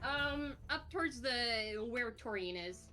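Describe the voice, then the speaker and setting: A woman's voice: a little high, animated, slow, bright, forceful tone, faint music behind. A woman playing in a tabletop game, giggly and flustered, asking lots of questions. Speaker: player.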